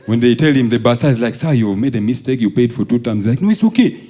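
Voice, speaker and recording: A man's voice: fairly even intonation, fast talker, dark tone. A man from Uganda doing stand-up, telling stories about his school days and acting out the voices of the people in them. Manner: acts out quoted voices, jumping high and dropping low. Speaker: stand-up comedian. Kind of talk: stand-up storytelling. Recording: live show with audience laughter.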